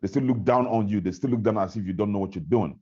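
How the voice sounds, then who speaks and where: A man's voice: fairly low pitch, fast, warm tone, slightly rough, dull audio. A man on a video call, giving a fiery, repetitive motivational talk to his team about his business. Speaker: network marketing trainer.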